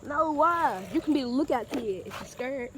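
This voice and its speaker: High-voiced girl vlogging outside, slow and slangy, kinda breathless, noisy phone audio. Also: expressive. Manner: chatty, slangy, often breathless. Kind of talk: casual handheld exploring vlog. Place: outdoors in a neighborhood.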